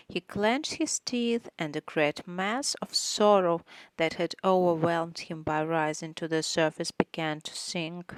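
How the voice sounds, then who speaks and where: Slow, low-voiced woman reading a novel. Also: clean tone, dry recording. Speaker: audiobook reader. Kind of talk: audiobook narration.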